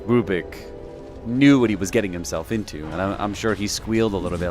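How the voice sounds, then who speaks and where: A low-pitched esports caster calls a video game match live with brisk play-by-play, tossing in casual jokes between plays. Music plays in the background.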